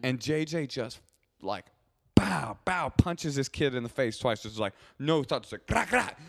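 A man in casual podcast chat, spinning a long comic anecdote. He talks at a middling pitch, circles back on himself with restarts and fillers, and keeps the telling loose and animated. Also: a little slow, creaky. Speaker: podcast co-host. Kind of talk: casual comedic storytelling.

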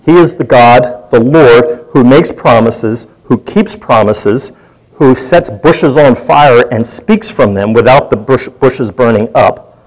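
A man's voice: medium pitch, slow pace, rough recording. A man leading a Bible study, teaching in a conversational way and putting questions to his group.

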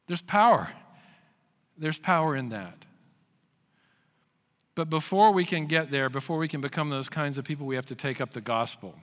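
Male pastor, sermon delivery, bright, slightly high voice, swings from loud to hushed, long hall reverb. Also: lively intonation, normal speed, pauses often. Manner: storytelling, shifting from loud acted quotes to hushed emphasis.

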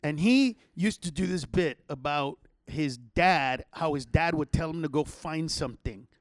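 A man's voice: a little high, measured pace, no echo, studio quality. A middle-aged man, a comedian hosting a podcast, telling rambling, profane stories in casual chat with lots of restarts.

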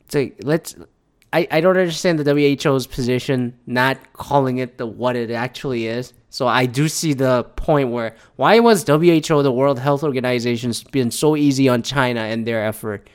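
A man's voice: mid-range voice, moderate pace, smooth. A man in a casual opinionated monologue, rambling and profane, laughing often and adding mocking asides.

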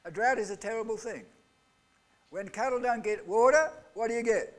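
A man preaching a live sermon in a church. He asks the congregation rhetorical questions and swings between loud outbursts and hushed lines. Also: very high-pitched, normal speed. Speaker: pastor. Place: church hall.

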